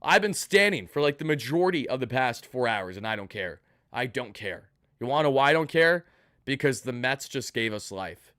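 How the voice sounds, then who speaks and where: A man's voice: mid-range voice, very animated, moderate pace, a bit bright, dry recording, clean studio sound. A man hosting a live postgame stream, hyped and thanking donors one after another. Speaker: sports channel host.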